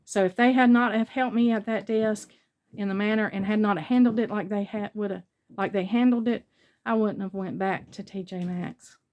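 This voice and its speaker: A woman's voice: medium pitch, steady tone, moderate pace, lo-fi sound. An older woman vlogger casually recounting a shopping mix-up, chatty and retelling conversations in detail. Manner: chatty, retelling a store encounter with quoted dialogue. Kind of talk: casual storytelling haul vlog.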